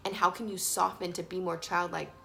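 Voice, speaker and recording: A woman giving a casual, emphatic tarot reading, swinging between soft and loud. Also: on the low side, little pitch movement, fairly quick, gravelly, slight background noise. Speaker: tarot reader. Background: faint playlist music.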